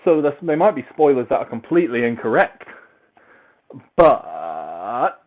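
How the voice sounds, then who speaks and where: A man's voice: mid-range voice, very animated, a little slow. A man talking in a casual, meandering, self-deprecating monologue while he moves about tidying his home. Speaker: podcaster reviewing a book series. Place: at home, large open-plan room. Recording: tinny phone-like recording, faint noise.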